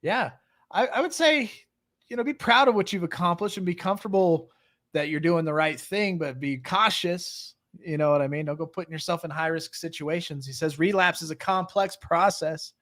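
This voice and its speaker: A middle-aged man hosts a recovery live stream in a casual, earnest way, reading a passage aloud and then explaining it in plain words. His voice sits a little high for a man. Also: moderate pace, a bit bright.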